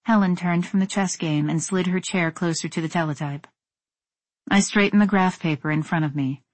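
A woman reading a first-person story in a measured, tense narrating voice. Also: on the low side, no room sound. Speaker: audiobook narrator.

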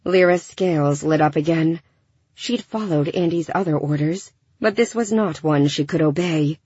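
A woman narrating a science fiction audiobook in a measured, even storytelling manner. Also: deep voice, breathy edge, no echo. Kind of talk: scripted narration. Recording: dull dry studio recording.

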